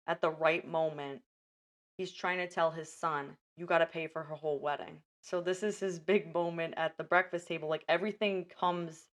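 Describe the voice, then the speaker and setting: A young woman hosting a casual podcast, retelling movie scenes in animated detail and acting out the characters' lines. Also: low-pitched. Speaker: podcast host.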